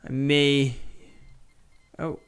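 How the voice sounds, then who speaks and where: A man's voice: mid-range voice, flat delivery, drawn-out words, a bit bright, clean tone. A man giving casual, wry play-by-play commentary on a strategy game he is playing. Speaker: gaming channel host.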